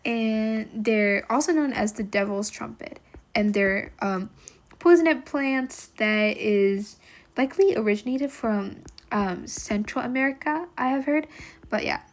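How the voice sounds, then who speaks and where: Woman reading a book aloud for a class, higher voice, chatty, thinks out loud a lot. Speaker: teacher reading a novel aloud. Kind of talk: read-aloud lesson with commentary.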